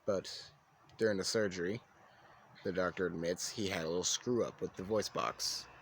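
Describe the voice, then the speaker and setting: Deep-voiced man rambling through a fan story. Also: fairly even intonation, normal speed, a little hiss or hum. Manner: rambling, with restarts and asides. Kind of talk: improvised casual fan story narration.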